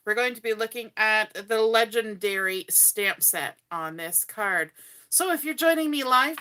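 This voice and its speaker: Bright-voiced Canadian woman hosting live craft tutorial. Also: fairly high pitch. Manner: chatty, friendly, greets viewers by name. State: hiccups. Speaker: crafting livestream host.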